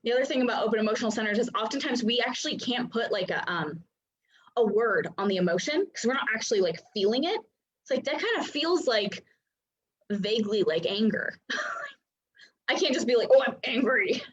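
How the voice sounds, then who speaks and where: This human design coach, a woman in her thirties, teaches from her home office over video, brisk and very animated, her voice a little high. Her casual talk is packed with fillers and frequent laughter, and the highs are cut off.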